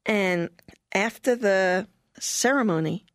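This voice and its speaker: Older woman, interviewee, lively storytelling, laughs often, dry close sound. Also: medium pitch, slow pace, no echo. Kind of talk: personal storytelling.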